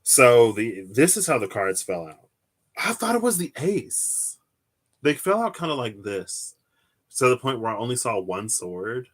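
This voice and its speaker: A young man chatting casually on a live stream while reading tarot cards, rambling through stories and jumping into high, laughing outbursts. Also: moderate pace. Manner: rambling storyteller, animated, bursts into high-pitched squeals and laughter.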